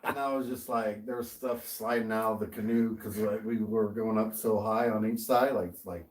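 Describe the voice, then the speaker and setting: A man's voice: lowish voice, fairly even intonation, moderate pace, far from the mic, low-quality recording. A man co-hosting a podcast, telling a story in casual chat, swearing often and laughing as he goes. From American. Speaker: podcast co-host.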